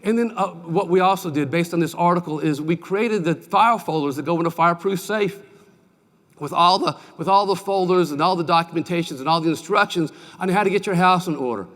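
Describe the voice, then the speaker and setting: A middle-aged man giving a folksy, animated keynote speech at a conference, telling stories and asking the audience questions. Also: high-pitched, fairly quick. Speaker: keynote speaker. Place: large conference hall. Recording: distant mic with long hall reverb.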